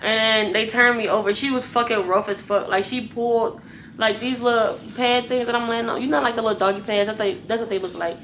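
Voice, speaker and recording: A woman's voice: fairly high pitch, fairly quick, slight background noise. A young woman vlogger casually telling her viewers a story, blunt and full of swearing. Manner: profane, blunt, animated retelling.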